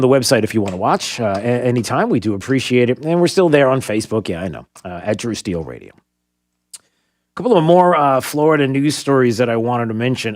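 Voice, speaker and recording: A man's voice: mid-range voice, dry recording. A man hosting a talk radio show, chatting in a rambling, self-amused way from a studio microphone.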